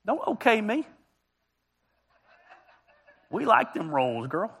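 A man's voice: sits high, wildly swooping pitch, slow pace, fairly bright tone, slightly rough. A man preaching a humorous, storytelling sermon as a pastor, joking and teasing his congregation. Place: church auditorium.

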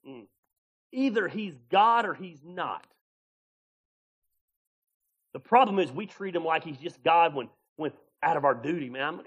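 High-voiced pastor preaching, folksy and animated, laughs a lot and plays out little scenes. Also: male voice, moderate pace, pauses often, husky. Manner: animated preaching, acts out voices of God and Moses. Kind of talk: sermon.

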